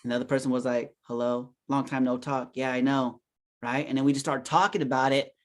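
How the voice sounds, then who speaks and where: Male co-host, middle-pitched voice, reflective conversational storytelling. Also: flat delivery, fairly quick. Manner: reflective, keeps asking "right?". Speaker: podcast co-host. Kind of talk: casual chat.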